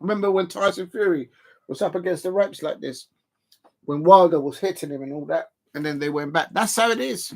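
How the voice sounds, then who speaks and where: Chatty football stream host. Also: male voice, high voice, a little fast, gravelly. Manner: rambling and chatty, laughing often. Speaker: football watch-along host. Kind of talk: casual live-stream commentary.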